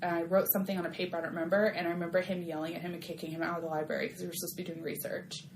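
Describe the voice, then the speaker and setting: A woman's voice: lowish voice, flat delivery, racing, roomy sound, a little hiss or hum. A young woman, co-hosting a podcast and telling stories in casual chat, acting out quotes as she goes. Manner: chatty storyteller, acts out quotes. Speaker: podcast co-host.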